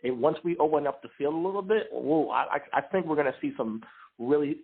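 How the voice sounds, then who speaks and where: A male caller talks casually on a sports show and keeps restarting his sentences. His voice is husky at a middle pitch. The line sounds thin and phone-like. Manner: halting, many restarts. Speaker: caller, fan club guest.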